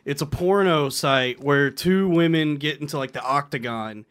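High-pitched, excitable podcast guest. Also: male voice, moderate pace, clear, resonant tone. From Texas. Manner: excitable, laughing, says "dude" and "like" a lot. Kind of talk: casual crude podcast banter.

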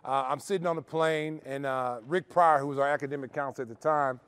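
A man's voice: mid-range voice, fast talker, clean tone. A middle-aged man, a former basketball player, telling a story at a podcast roundtable and acting out the dialogue. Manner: animated storyteller, acts out dialogue.

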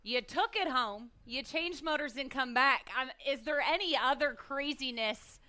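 Female podcast host, high, bright voice, friendly interviewer. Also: measured pace. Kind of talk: casual interview.

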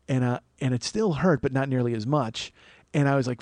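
Male podcast host, rapid, profane, self-mocking storyteller, dry close sound. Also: mid-range voice, darkish tone, no room sound. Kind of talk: casual comedic storytelling.

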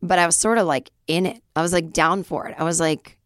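A chatty woman in her forties tells a story on her podcast, acting out the people she quotes. Her voice sits low and is slightly raspy, recorded close and dry with no room sound. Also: fast, hardly any pauses, fairly bright tone, no echo. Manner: chatty, self-deprecating, acts out quoted voices. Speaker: podcast host. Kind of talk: casual storytelling monologue.

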